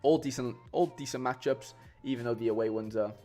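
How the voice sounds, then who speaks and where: A man chats casually to his live-stream viewers in a middle-pitched voice, rambling with plenty of fillers and restarts. Faint music plays quietly behind him. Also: brisk. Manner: chatty, rambling, many fillers and restarts, says "mate" a lot. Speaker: streamer building fantasy football lineups.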